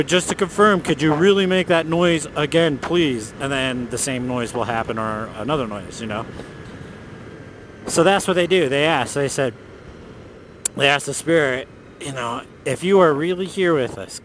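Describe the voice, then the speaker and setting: A man with a slightly high voice tells a ghost story in a loose, animated, profane way. He talks while riding a motorcycle outdoors, and a faint hiss of road noise runs underneath. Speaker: motovlogger. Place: outdoors on a motorcycle on city roads.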